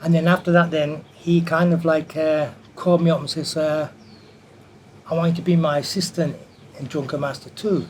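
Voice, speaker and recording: A man telling a lively anecdote from his film career in an interview, acting out the quoted voices as he goes. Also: a little high, moderate pace, slight background noise. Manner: animated anecdote teller who acts out quotes. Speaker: martial artist and film stunt performer. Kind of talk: storytelling in an interview.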